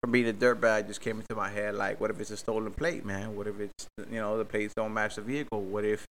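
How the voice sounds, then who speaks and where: A young man from hosts a casual podcast. His storytelling is excitable and full of swearing, and he acts out every exchange as he retells it. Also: on the low side, fast. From Miami, Florida. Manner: profane, excitable, acts out the dialogue. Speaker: podcast host. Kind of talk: animated storytelling.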